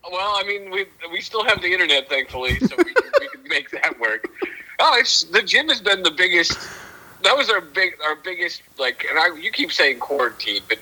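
A man's voice: high voice, very animated, normal speed, bright, forceful tone, breathy edge. A man calling in by telephone as podcast co-host, talking casually in a hesitant, stammering way with dry humor. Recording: tinny telephone line.

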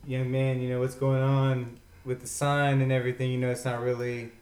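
A man's voice: medium pitch, completely flat delivery, brisk, darkish tone, natural voice. A man voicing a stern male preacher who lectures a boy in a spoken joke. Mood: lecturing. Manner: lecturing, then loosened up. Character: stern churchgoing male preacher, middle-aged. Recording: roomy, far from mic, faint ambience.

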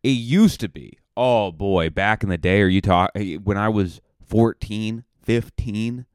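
Low-voiced rambling comedian host. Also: male voice, measured pace, clean tone, dry recording, studio quality. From Massachusetts. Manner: rambling, self-mocking, jokey asides. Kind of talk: solo comedic podcast monologue.

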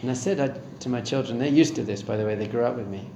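A man's voice: mid-range voice, racing, creaky, mellow, roomy sound, a little hiss or hum. A middle-aged man giving a spiritual talk on meditation, conversational and questioning his listeners. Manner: conversational, asks the audience questions. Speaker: spiritual teacher. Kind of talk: Torah class on meditation. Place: room with a live audience.

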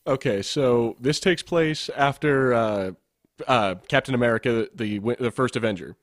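A man's voice: mid-range voice, measured pace, no room sound, clean studio sound. Stumbling male podcast co-host. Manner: stumbling, laughs at his own jokes. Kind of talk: casual podcast chat.

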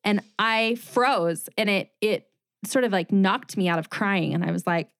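A middle-aged woman talks through her own story as an interview guest. She lively acts out what others said to her. Her voice sits at an ordinary pitch and sounds dry and close, with no room around it. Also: measured pace, clear, resonant tone, no room sound. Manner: animated retelling with quoted dialogue and laughs. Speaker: guest, former news reporter turned designer.

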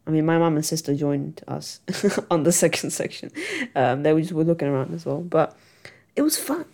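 A woman's voice: low voice, animated, moderate pace, creaky, darkish tone. A young woman, chatting casually to camera in a giggly, rambling, self-mocking way. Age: young adult. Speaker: vlogger.

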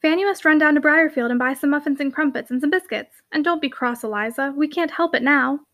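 A woman's voice: high-pitched, brisk, fairly bright tone. A woman voicing an earnest, reluctant young hostess who sighs over her guests. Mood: anxious.

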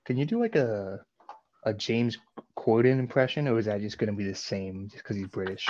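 A man's voice: fairly low pitch, expressive, a little fast, a little mellow, lo-fi sound. A man co-hosting a casual comedy chat, laughing often and setting up bits for the others. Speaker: podcast co-host.

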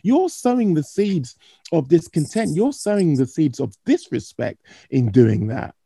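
A man co-hosting a casual fight-talk chat, measured and wry, asking questions. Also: fairly high pitch, very animated, vocal fry, dark tone, slightly rough, no echo. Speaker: podcast co-host.

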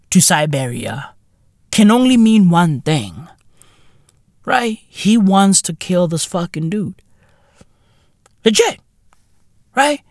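A man hosting a podcast, ranting solo with loud swearing, swinging between shouts and low muttering. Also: no room sound, clean studio sound. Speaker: podcast host. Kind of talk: solo comedic rant.

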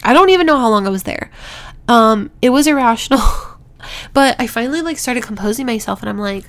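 A woman's voice: on the high side, lively intonation, brisk, a bit bright. A young woman telling a personal story to her viewers in a casual, rambling way, laughing between words, with a congested, stuffy voice. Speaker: vlogger.

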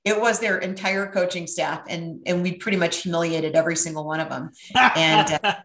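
A middle-aged woman telling a brash, profane, animated story in casual chat. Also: lowish voice, normal speed, roomy sound.

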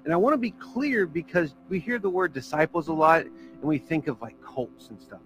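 Guy pastor preaching real casual, kinda chatty w/ jokes, voice a bit high, faint music under it. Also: animated, moderate pace, a bit bright, rough recording. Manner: casual, conversational preaching with filler words and jokes. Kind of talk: sermon.

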